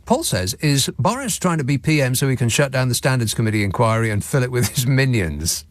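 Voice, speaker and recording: Sardonic male radio host, lively pitch. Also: dry recording. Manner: sardonic, quick-witted, mocking. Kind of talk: casual radio chat. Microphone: studio microphone.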